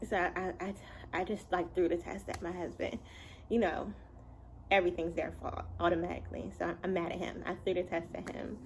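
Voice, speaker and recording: A young adult woman telling a casual story at home, chatty and animated, often breaking into laughs. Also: lowish voice, fairly quick, a little hiss or hum, low-quality recording. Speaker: vlogger and mother.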